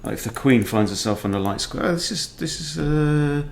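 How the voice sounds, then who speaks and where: A man, a chess coach thinking aloud in a relaxed, understated way as he plays a fast game. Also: a little high, gravelly, slight background noise. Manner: muttering, understated, self-talking. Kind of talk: thinking aloud while playing blitz chess.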